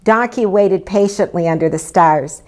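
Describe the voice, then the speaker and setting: A woman reading a children's story aloud in an expressive way, inviting her listeners to join in. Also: on the low side, moderate pace. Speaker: storybook reader.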